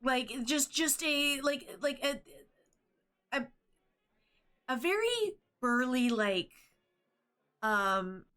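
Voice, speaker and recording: A woman's voice: high voice, animated, drawn-out words, long pauses, sharp tone, smooth. A woman running a tabletop game as game master, narrating in a rambling, hesitant way with many fillers. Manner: rambling, hesitant, laughs often.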